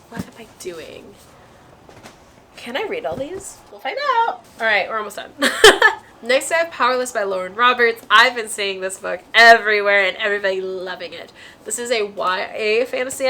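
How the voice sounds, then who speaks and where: A woman's voice: mid-range voice, pushed and bright, a little hiss or hum, rough recording. A young woman talking casually to her viewers about books, bubbly and chatty with lots of fillers. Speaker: book vlogger. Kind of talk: casual chat to camera.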